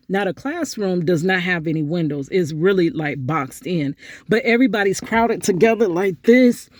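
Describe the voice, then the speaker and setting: A middle-aged woman vlogging, telling a story in a chatty, animated way and talking straight to her viewers. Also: no room sound, clean studio sound. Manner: animated, acts out quotes with big pitch jumps; chatty, addresses viewers directly. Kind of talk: casual storytelling vlog.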